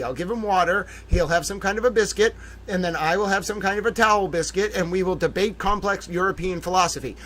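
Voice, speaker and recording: Theatrical high-voiced male livestream host. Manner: playfully theatrical, addresses audience as ladies and gentlemen; dramatic drawn-out exclamations. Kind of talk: casual livestream chat.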